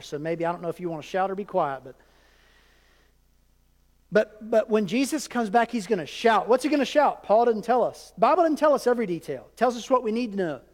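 A man preaches to his congregation, keeping it conversational with asides and questions to the pews. His voice sits high for a man, and it rings out with the long reverb of a church hall. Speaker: pastor. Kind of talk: sermon. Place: church sanctuary.

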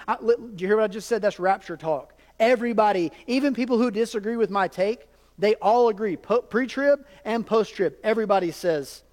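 A male pastor preaching a sermon in an animated, conversational way, often checking in with his congregation. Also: sits high, fairly quick. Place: large church hall. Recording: hall reverb.

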